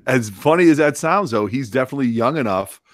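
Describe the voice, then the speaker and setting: A man's voice: mid-range voice, animated, quick pace. A man in easygoing casual podcast chat, tossing out ideas with some hesitation.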